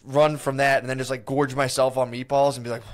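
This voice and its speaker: A man's voice: mid-range voice, level tone, a little fast. A young man on a casual podcast, rambling through stories full of "like" and "dude" and acting out the people he quotes. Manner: rambling storytelling, lots of "like" and "dude", acts out quotes. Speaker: podcast host. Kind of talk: casual comedic podcast chat.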